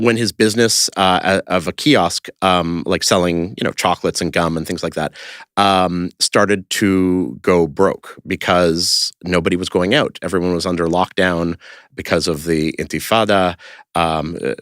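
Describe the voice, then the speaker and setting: Appearing as a podcast guest, the creator of a street-question video project talks casually and tells stories in a rambling way, full of fillers and restarts. His voice is low-pitched and a bit bright, recorded dry with clean studio sound.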